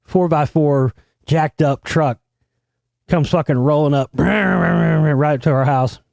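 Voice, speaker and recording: Speaking slowly with vocal fry, a show host tells a crude, boastful party story in a profane monologue, acting out its characters. He swaggers and swears heavily, voicing quotes with sudden loud, high outbursts. The recording is dry and studio quality.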